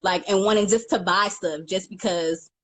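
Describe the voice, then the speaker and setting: A woman co-hosting a casual chat, animated and giggly, acting out her own thoughts. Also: medium pitch, normal speed, poor audio. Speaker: podcast co-host.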